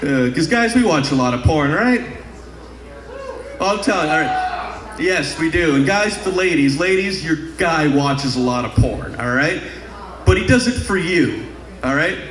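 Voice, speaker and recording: A man's voice: fairly high pitch, lively intonation, moderate pace, a bit bright. A young man doing a crude stand-up comedy set on a club stage, rambling into a handheld mic with sung bits. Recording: echoey live club room.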